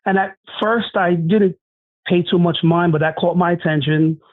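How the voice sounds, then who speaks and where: A man's voice: high-pitched, fairly even intonation, dry recording. Earnest man telling his testimony over a tinny line. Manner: earnest, halting storytelling with restarts. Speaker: guest sharing a testimony. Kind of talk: emotional personal testimony. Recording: tinny phone-line sound, dry.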